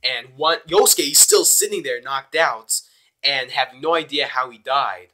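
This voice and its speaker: A young man giving a casual, rambling, excitable spoken review of an anime episode. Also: mid-range voice, moderate pace. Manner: excitable, rambling, with many fillers.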